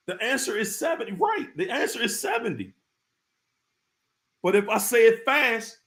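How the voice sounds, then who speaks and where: A man's voice: sits high, wildly swooping pitch, moderate pace, fairly bright tone. A man hosting a casual live stream, talking straight to his viewers in informal slang and repeating his points for emphasis. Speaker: live-stream host talking about narcissists.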